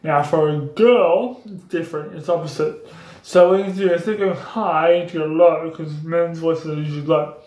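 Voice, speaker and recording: The voice is a little high, brisk and somewhat dark in tone. He's a young YouTuber casually vlogging about his voice impressions, rambling and circling back, with echo from the room around him.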